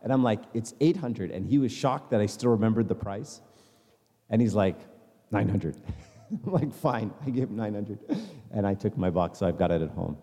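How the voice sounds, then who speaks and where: A man's voice: lowish voice, brisk, mellow. A man giving a casual slideshow talk at a church meeting, telling stories with quoted dialogue. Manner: chatty storytelling with quoted dialogue. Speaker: church speaker. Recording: long hall reverb.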